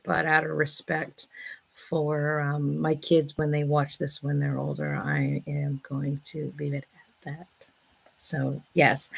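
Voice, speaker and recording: Trying out a new mic, this vlog host, a woman in her thirties, chats through a personal story in a breathless rush, exclaiming "oh my God" again and again. Her low-pitched voice carries vocal fry and a slightly bright quality.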